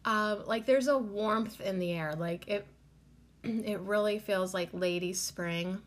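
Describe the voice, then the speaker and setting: A woman talking alone on her podcast in a loose, meandering way, with "like" in almost every phrase. She sounds tearful and keeps herself from crying. Her voice sits at a middle pitch. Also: slow. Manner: rambling, lots of "like" fillers, emotional. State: tearful, holding back crying. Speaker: podcast host. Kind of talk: casual solo podcast monologue.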